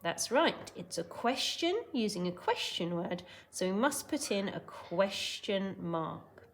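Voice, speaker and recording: Woman teacher, lively intonation, clear step-by-step dictation. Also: mid-range voice, slow pace. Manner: clear, dictating sentences word by word. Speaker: primary school teacher. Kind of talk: recorded classroom lesson.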